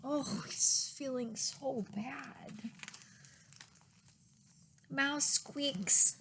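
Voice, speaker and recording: A woman who works as a children's librarian, reading picture books aloud in a gentle, expressive manner that often drops to a whisper. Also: on the high side, very slow, a little hiss or hum. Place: public library.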